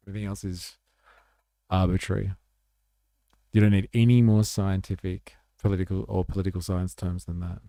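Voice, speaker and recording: Gravelly, laid-back man. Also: on the low side, darkish tone, no echo, studio quality. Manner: laid-back, swearing, rambling with lots of fillers. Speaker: livestream host. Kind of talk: casual livestream reaction reading chat.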